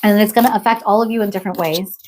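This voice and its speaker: Over slight background noise, a tarot reader with a steady, mid-range, somewhat mellow voice races through her explanations of the cards in a loose, chatty flow. She is a bit unwell, and she keeps interrupting herself with exclamations and asking "okay?"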